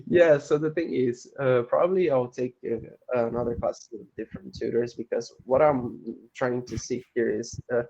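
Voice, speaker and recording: A man learning English as a second language, talking in an online lesson with many hesitant pauses. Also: mid-range voice, steady tone, creaky, dark tone, lo-fi sound. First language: not English. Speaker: English student. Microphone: video call.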